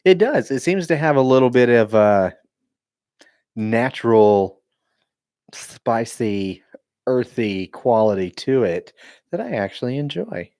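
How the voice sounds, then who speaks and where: A man co-hosting a podcast, relaxed and conversational while reviewing beer with a friend. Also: mid-range voice, unhurried, no room sound, studio quality. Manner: laid-back, relaxed, conversational. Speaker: podcast co-host. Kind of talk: casual beer review chat.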